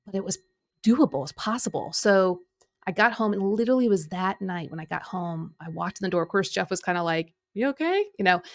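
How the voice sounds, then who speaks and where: A middle-aged woman speaks as a coaching podcast host. She tells her story with animated energy, slipping into the voices of people she quotes. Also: fairly low pitch, fast. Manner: animated, acts out quoted speech, filler-heavy. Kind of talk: coaching conversation, personal storytelling.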